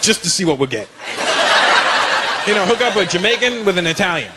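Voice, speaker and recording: A man from Canada doing stand-up comedy on stage, animated and conversational, over loud crowd laughter. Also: high voice, a little fast, heavy background noise. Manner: animated, conversational, punchline-driven.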